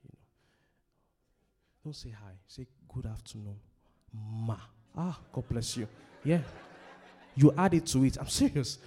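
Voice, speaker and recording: A man's voice: medium pitch, lively intonation, measured pace, pauses often, a little mellow. A middle-aged man from Africa preaching a sermon, repeating key phrases and asking questions for the congregation to answer. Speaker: pastor. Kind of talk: sermon on relationships.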